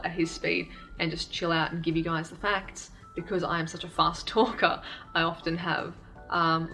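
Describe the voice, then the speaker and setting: Young woman vlogger, candid and self-deprecating, lower flat voice. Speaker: YouTube creator. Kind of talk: casual reflective vlog talk.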